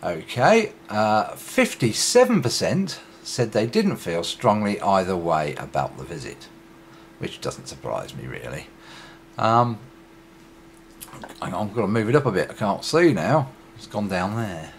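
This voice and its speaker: A man's voice: on the low side, sing-song, measured pace, a little hiss or hum. A man from Britain talking casually to his vlog audience, reading out survey figures with wry, sarcastic asides. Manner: reads figures aloud with asides. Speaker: YouTube vlogger. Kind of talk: casual spoken commentary.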